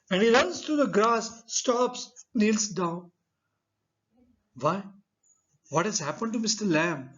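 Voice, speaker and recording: A man with an Indian English accent teaching a literature lesson, speaking slowly and deliberately and asking rhetorical questions. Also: sits high, big pitch swings, a bit bright. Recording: dull lo-fi recording.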